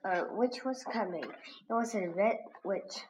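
A woman slowly reading a children's reader aloud as a lesson, pronouncing each word with care. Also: medium pitch, a little mellow. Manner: slow, careful, clearly pronounced. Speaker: reading teacher. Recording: dull lo-fi recording with faint hiss.

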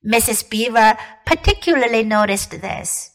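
A woman teacher reading a classic storybook aloud in a careful, expressive way. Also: fairly high pitch, measured pace, faint music behind, poor audio.

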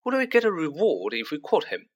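A man's voice: on the high side, wildly swooping pitch, brisk, pitched above the performer's own voice. A man voicing a sarcastic, grumbling teenage wizard boy in a storybook reading. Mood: eager.

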